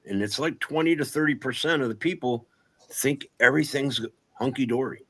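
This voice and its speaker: A man's voice: mid-range voice, normal speed, fairly bright tone. A man in casual political chat, blunt and sarcastic, swearing freely.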